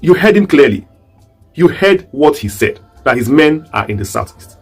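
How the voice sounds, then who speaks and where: A Nigerian-accented man delivers pointed commentary in a high, swooping voice. His tone is a little husky, and he presses his points with question after question. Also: sing-song, normal speed, faint music behind. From southeast Nigeria. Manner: rhetorical, emphatic, asks repeated questions. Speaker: online commentator. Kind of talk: commentary video.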